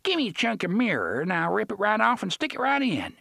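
A man's voice: sits high, wildly swooping pitch, moderate pace, gravelly, fairly bright tone, dry recording, studio quality, voice pushed up, heavily acted. A man voicing a dying, ragged old male pirate who talks in thick slang, friendly and threatening at once. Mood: gleeful wheedling. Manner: thick slangy speech, chummy yet threatening.

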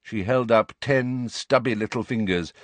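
A man narrating a novel with expressive, dramatic delivery. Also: mid-range voice, measured pace, no room sound. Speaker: audiobook narrator.

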